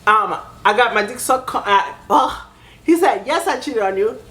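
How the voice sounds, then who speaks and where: A young woman vlogger telling a casual storytime, animated, swearing freely and acting out both sides of an argument. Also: a little high, moderate pace. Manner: animated, swears freely, keeps saying "baby" and "right?", acts out both sides of a fight.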